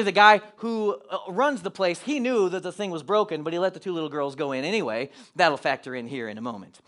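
A middle-aged pastor telling a family story in a sermon, animated and acting out the quotes. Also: male voice, high-pitched.

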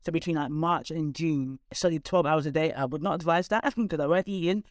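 Woman, guest, candid personal storytelling, animated, dry close sound. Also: sits low, no echo. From London, England. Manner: candid, animated, quick asides.

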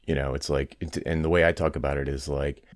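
Very deep-voiced casual male host. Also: level tone, fast, no room sound, clean studio sound. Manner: casual, many fillers like "like" and "uh". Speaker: podcast host. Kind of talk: conversational interview.

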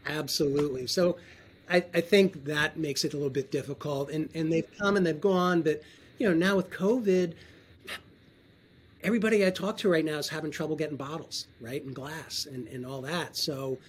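A man talking casually as a wine trade guest in an interview, relaxed and often clearing his throat. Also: on the high side, normal speed.

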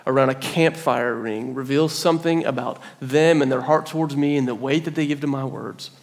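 A man's voice: mid-range voice, steady tone, normal speed. A man in his thirties preaching a sermon as a pastor, telling stories and acting out the voices he quotes. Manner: storytelling, acts out quoted voices. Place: church hall.

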